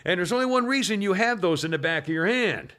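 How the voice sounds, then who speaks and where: A man hosting a podcast, chatting about the news in a rambling, halting way with frequent laughs. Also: high-pitched, lively intonation, fairly bright tone. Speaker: podcast host. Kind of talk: casual political chat.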